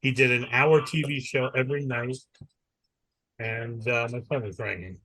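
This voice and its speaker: Bright-voiced man spinning a rambling story. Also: mid-range voice, normal speed. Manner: rambling animated storyteller who acts out the people he quotes. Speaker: podcast co-host. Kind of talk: casual chat.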